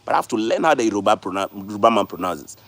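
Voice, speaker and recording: A man's voice: lowish voice, expressive, racing, a bit bright, no echo. A man, hosting a casual livestream and lecturing his viewers, repeating words for stress. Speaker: livestream host.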